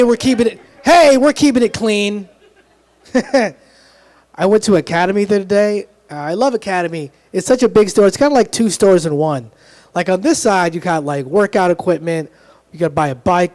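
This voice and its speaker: A man's voice: high-pitched, fast, a little mellow. A young man doing stand-up comedy at an open mic in a small club, teasing the crowd and poking fun at himself. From Dominican heritage, grew up in Texas area. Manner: self-deprecating, crowd-teasing punchlines. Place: small live music club. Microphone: handheld stage mic.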